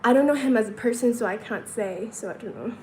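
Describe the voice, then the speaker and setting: High-voiced woman chatting on a livestream. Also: quick pace, warm tone, a little hiss or hum, poor audio. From China. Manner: counting aloud, reading and answering chat, laughing often. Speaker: livestream host. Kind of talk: casual live-stream chat. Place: hotel room.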